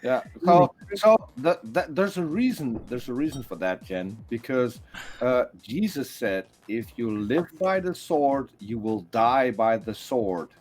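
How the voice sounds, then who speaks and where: A man chatting on an online quiz call, halting and restarting, then bursting out loud. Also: medium pitch, animated, soft background music. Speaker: quiz guest. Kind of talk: casual group chat.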